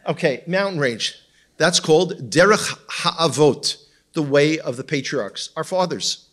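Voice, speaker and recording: Man, Israeli accent, slightly high voice, tour guide teaching from slides, joking and teasing. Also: expressive, unhurried, a bit bright. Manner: joking, wry asides, teases the audience. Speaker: tour guide and guest speaker. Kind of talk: humorous teaching talk with slides. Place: church congregation in front of an audience.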